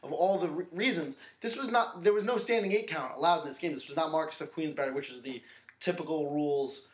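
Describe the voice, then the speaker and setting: A man co-hosting a podcast in casual chat, talking quickly and excitedly with many restarts. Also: a little high. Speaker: podcast co-host. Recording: echoey room.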